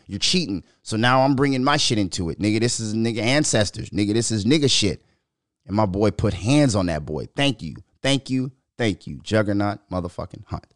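A man hosting a podcast, ranting in a profane, animated, mocking way and laughing between remarks. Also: lowish voice, fairly quick, dry recording, clean studio sound. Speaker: podcast host. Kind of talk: casual commentary rant.

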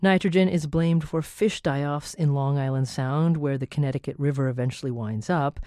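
A woman hosting a radio news program, announcing segments clearly. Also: low voice, moderate pace, dark tone, no echo, studio quality. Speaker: radio host.

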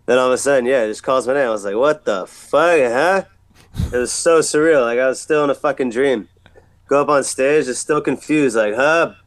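Skater guest, thirties, laid-back slangy talker, smooth resonant voice, dry close sound. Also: male voice, medium pitch, fast, no room sound. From San Diego. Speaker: podcast guest, pro skateboarder. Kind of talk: casual storytelling chat.

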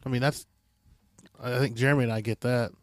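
A man's voice: mid-range voice, fairly even intonation, fairly quick, dry recording. A man hosting a podcast, asking questions in a casual, joking way with loose phrasing. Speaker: podcast host.

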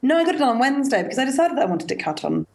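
A woman's voice: high-pitched, sing-song, very fast, darkish tone. A woman co-hosting a podcast, dry and matter-of-fact in casual banter. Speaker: podcast co-host. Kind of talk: casual chat.

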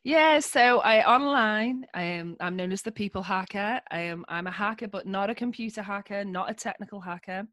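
A woman's voice: medium pitch, normal speed, few pauses, fairly bright tone, dry recording. A woman with a Liverpool accent, a podcast guest telling stories in a chatty way, laughing often and filling gaps with ums. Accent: Liverpool (Scouse). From Liverpool, England. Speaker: podcast guest, social engineer. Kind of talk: casual interview storytelling.

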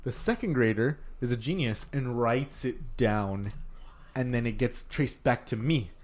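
A man's voice: mid-range voice, a little slow. A young man telling crude stories in a casual chat among friends, mocking others with put-on voices.

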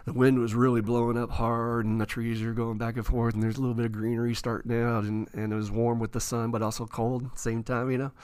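Animated man telling a story. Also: medium pitch, fast, hardly any pauses, clear, resonant tone. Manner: animated, acts out quoted dialogue. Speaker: author and guest. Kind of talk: casual interview storytelling. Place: studio.

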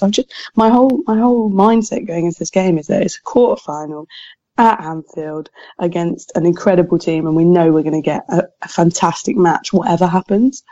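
Young woman guest, chatty storyteller, lowish mellow voice, muffled. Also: brisk, no echo. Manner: chatty storyteller, many fillers. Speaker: podcast guest. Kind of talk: casual chat.

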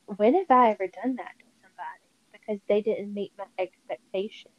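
A woman's voice: mid-range voice, a little fast, no echo, dull audio. A woman guest on a podcast, telling stories animatedly and acting out the people she quotes, in a casual faith conversation. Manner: animated storytelling with quoted voices.

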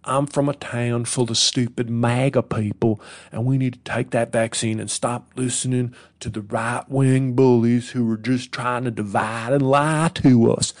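A man's voice: medium pitch, steady tone, unhurried, no room sound, natural voice. A man voicing an earnest redneck man with an American Southern drawl. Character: earnest redneck man preaching simple truths.

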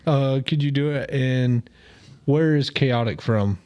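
A man's voice: medium pitch, slow pace, a little mellow, smooth. A man co-hosting a podcast, talking in a rambling way with many restarts. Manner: rambling, lots of fillers and restarts. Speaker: podcast co-host. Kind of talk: casual chat.

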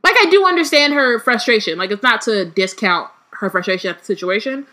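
Young woman co-host, bright and chatty, rambling asides. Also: fairly high pitch, lively intonation. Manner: chatty, quick asides, frequent "like". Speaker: podcast co-host. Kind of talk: casual book discussion and reading aloud.

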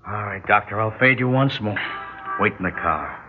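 A man's voice: fairly low pitch, expressive, moderate pace, faint music behind, close to an everyday voice. A man playing a skeptical, weary defense lawyer in an old radio drama, talking in a curt way. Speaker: court-appointed defense lawyer. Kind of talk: 1950s radio drama acting. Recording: tinny old radio recording with hiss.

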